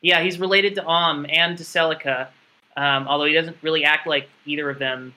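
A man's voice: a little high, steady tone, moderate pace, bright, forceful tone, low-quality recording. A man casually recapping a game plot in a rambling, sarcastic, profane way, full of fillers. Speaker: podcast co-host recapping a game story. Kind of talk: casual chat.

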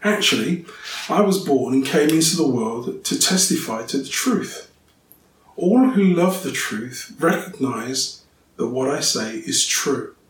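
A calm, dignified king speaks in measured, solemn phrases, read by a man. His voice rises and falls freely. The recording is roomy and distant. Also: mid-range voice, slight background noise, lightly acted. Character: calm, steady male teacher-king, dignified. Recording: roomy, distant, faint ambience.

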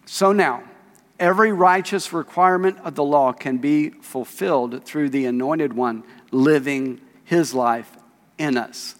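A man's voice: fairly high pitch, unhurried. A male pastor preaching a sermon, reading scripture aloud in a conversational way and asking the congregation questions. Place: church sanctuary. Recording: long reverb of a church hall.

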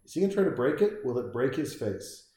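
A man casually commenting on a horror film as he watches it, rambling and excitable, talking to the characters on screen. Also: mid-range voice, fast talker. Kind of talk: casual live film commentary while drinking beer. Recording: very echoey room.

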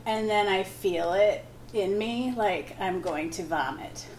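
A woman's voice: medium pitch, slow, a little hiss or hum. Woman comic telling a story. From Wisconsin. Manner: animated, laughing, acts out quoted voices. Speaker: guest comic. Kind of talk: casual storytelling.

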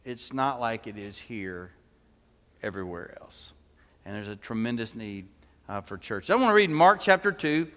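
A man's voice: a little high, a bit bright. A male pastor preaching a sermon in a church, talking conversationally with humorous asides. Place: church sanctuary. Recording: long church reverb.

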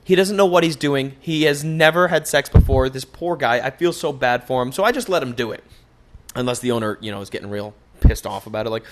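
A young man hosting a casual solo podcast, joking and cursing through loose, animated stories. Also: mid-range voice, brisk. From United States. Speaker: podcast host.

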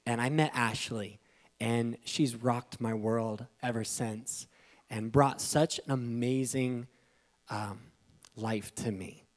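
A young man preaching a sermon from a church stage in a casual, emotional way, often breaking into loud excited bursts. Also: medium pitch, takes it slowly. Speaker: pastor.

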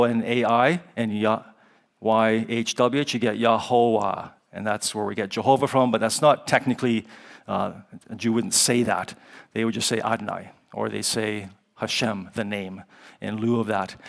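A man giving a chapel sermon, praying and then teaching from the Bible in a conversational way, with ums and chuckles as he explains Hebrew and Greek words. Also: medium pitch. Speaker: guest chapel speaker. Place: college chapel.

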